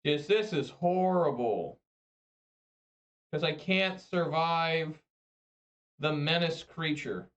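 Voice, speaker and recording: Bright-voiced, profane, ranting gamer man. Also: on the high side, slow pace, pauses often, dull audio. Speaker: online card game player. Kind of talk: live gameplay commentary.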